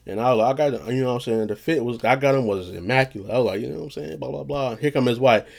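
Speaking very fast in a gravelly voice, a retail worker rambles on his own vlog, frequently tossing in "you know what I'm saying." His delivery is a low monotone he claims to project, loose and full of restarts, with offhand swearing.

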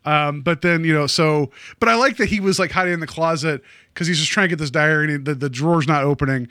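A man with a fairly high voice rambles through a movie recap in casual podcast chat. He keeps it loose, full of fillers, asides and quick laughs. The sound is dry and close to the mic. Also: sharp tone, dry recording. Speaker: podcast co-host.

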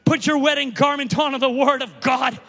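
A man preaching a sermon to a congregation, telling a story with dramatic shouts and hushed whispers. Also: very high voice, fairly even intonation, fairly quick. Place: church sanctuary.

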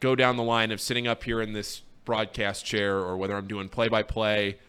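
A man's voice: lowish voice, flat delivery, normal speed, fairly bright tone, smooth. A man hosting a casual sports radio show, calling a race like play-by-play and speaking earnestly when he looks back on his time there. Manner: earnest and sincere when reflecting. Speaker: radio host.

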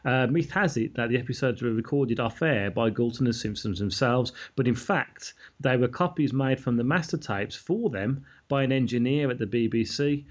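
A man hosts a casual podcast, working his way through prepared notes with plenty of ums and uhs. His voice sits at an average pitch. The recording is a little dull and lo-fi. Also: normal speed, few pauses. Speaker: podcast host. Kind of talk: casual chat, reading facts aloud. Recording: slightly dull lo-fi sound.

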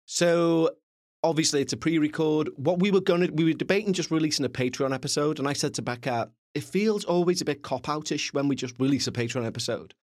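A man's voice: on the high side, brisk, dry recording. Chatty man with a dry sound. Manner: chatty, self-mocking, playful asides. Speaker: podcast host. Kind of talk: casual rambling monologue. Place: small windowless carpeted room.

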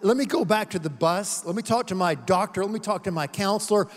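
A preacher playing a gray, nervous male ghost, high-pitched, stammering, begging, long hall reverb. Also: fairly quick, close to an everyday voice. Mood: pleading. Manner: stammering, pleading, rising to frantic.

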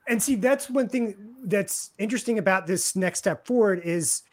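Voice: medium pitch, moderate pace. A radio show host casually interviewing a guest, rambling and repeating words while thinking aloud.

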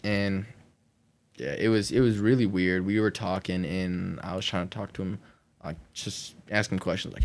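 A young man telling his personal testimony in casual conversation, animated, laughing often and acting out what people said. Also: sits low, moderate pace. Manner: animated, acts out quoted voices, laughs often.

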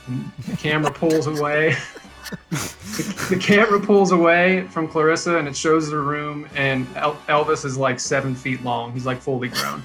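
A man in casual chat who laughs often and rambles with restarts while pitching a script to his co-hosts. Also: normal speed, a bit bright, faint music behind, low-quality recording. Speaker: podcast co-host pitching a script.

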